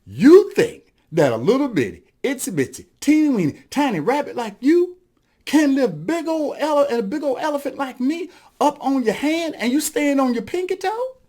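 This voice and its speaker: A man's voice: a little high, huge pitch swings, brisk, darkish tone, husky, heavily acted. A man doing a big mocking elephant. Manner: laughing, mocking. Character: big male elephant, amused and boastful.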